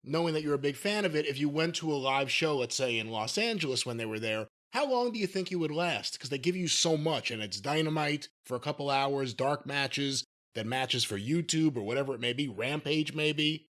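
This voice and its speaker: A man hosting a podcast casually, steering the talk with brisk questions. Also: a little high, animated, fairly bright tone. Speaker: podcast host. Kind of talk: casual chat.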